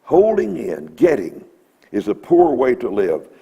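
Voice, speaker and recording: Man, emphatic preaching, husky, rough gravelly edge. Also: medium pitch, wildly swooping pitch, measured pace, mellow, highs cut off. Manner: folksy, emphatic, quotes scripture. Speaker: Bible teacher. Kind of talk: folksy sermon-style Bible lesson. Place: church.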